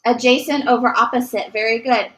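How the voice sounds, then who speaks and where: Woman math teacher, high bright voice, asks and answers her own questions. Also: steady tone, a little fast, rough recording. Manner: asks questions and answers them herself, praising. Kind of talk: recorded classroom math lesson.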